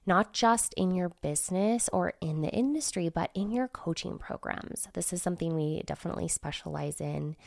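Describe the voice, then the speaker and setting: A woman's voice: sits low, vocal fry, dry recording, studio quality. A woman hosting a solo podcast while sick with a cold, talking in a chatty, candid way with her voice nasal and scratchy. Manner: chatty, candid, with filler words. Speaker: podcast host and business consultant.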